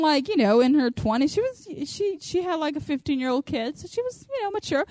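A woman's voice: sits high, very animated, fairly quick, hardly any pauses, a little mellow, no room sound. A woman giving a sermon to other women, chatty and storytelling, acting out little quotes. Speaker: women's ministry speaker.

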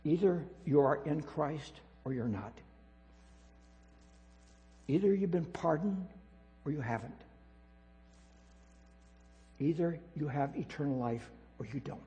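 A man preaching a sermon as pastor, emphatic and repetitive, swinging between loud declarations and quiet asides. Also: fairly high pitch, animated, takes it slowly, pauses often, soft background music. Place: church sanctuary. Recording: reverberant hall with mains hum.

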